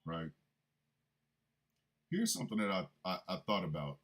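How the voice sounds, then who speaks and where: A man's voice: low voice, big pitch swings, moderate pace, a bit bright. A man hosting a show of comedic political commentary, talking in an emphatic, mocking way. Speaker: host.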